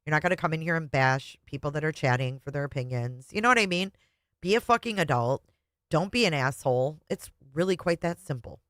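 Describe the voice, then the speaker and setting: Woman, middle-aged, live stream host, casual and profane, low voice, dry close sound. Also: animated, brisk, a bit bright, no echo. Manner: blunt and profane, chatty. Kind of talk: casual live stream chat, reading comments.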